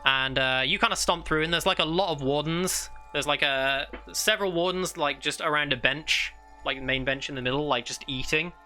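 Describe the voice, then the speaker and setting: A man's voice: a little high, a little fast, bright, forceful tone. Rambling male game master. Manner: rambling, with many "like"s and "uh"s. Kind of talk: casual tabletop narration. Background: fantasy ambience music.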